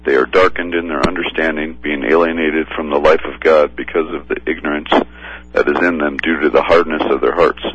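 A man's voice: rumbling low, steady tone, brisk, fairly bright tone, slightly rough, dull audio. A man on a Christian radio show reading a Bible passage aloud and commenting on it. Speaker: radio co-host. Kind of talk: reading scripture on air.

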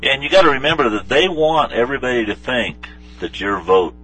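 A man's voice: medium pitch, expressive, fairly quick, pushed and bright, breathy edge, far from the mic, soft background music, poor audio. A man co-hosting a Christian call-in radio show, talking casually with many "you know"s. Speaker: radio co-host.

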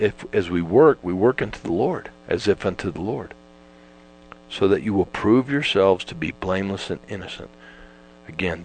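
A man's voice: fairly low pitch, low-quality recording. A man giving an informal Bible teaching, folksy and repetitive, restarting phrases and driving points home. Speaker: preacher.

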